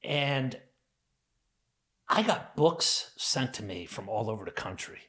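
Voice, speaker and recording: A man from New Jersey, appearing as a podcast guest, tells his own life story casually and earnestly, full of fillers and acted-out quotes. He speaks slowly in a mid-range, sharp-toned voice with big pitch swings.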